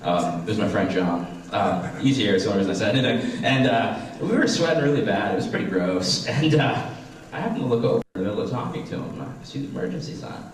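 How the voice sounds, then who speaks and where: A man's voice: on the low side, lively intonation, quick pace. A man in his twenties doing a profane, self-deprecating stand-up comedy set. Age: 20s. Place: small stage at a comedy class show. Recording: echoey room, mic far off.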